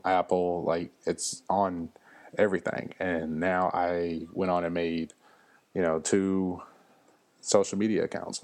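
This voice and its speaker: A man, hosting a solo podcast and telling stories in a loose, chatty way with lots of fillers. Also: sits low. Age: 30s. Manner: chatty, loose storytelling with frequent fillers and laughs. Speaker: podcast host. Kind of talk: casual solo podcast monologue.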